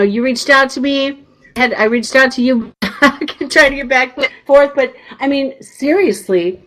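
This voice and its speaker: A woman's voice: mid-range voice, rough recording. A woman hosting a radio talk show, chatty and bubbly, laughing often as she tells stories. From northern United States. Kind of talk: casual radio chat.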